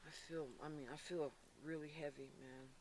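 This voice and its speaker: A man from Florida working as a psychic medium on an outdoor paranormal investigation, talking intensely and haltingly with many restarts. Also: on the high side, flat delivery, recorded from a distance, noisy background. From Florida, USA. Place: outdoors by a reservoir.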